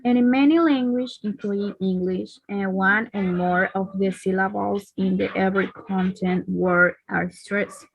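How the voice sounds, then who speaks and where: Woman student presenting slowly, non-native, dry close recording. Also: mid-range voice, fairly even intonation, gravelly, no room sound, lo-fi sound. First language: Spanish. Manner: hesitant reading with fillers. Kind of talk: reading a class presentation.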